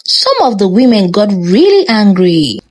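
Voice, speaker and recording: A woman with a Nigerian accent giving scripted narration of a moral folktale, expressive and lilting. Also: medium pitch, measured pace. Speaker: storyteller.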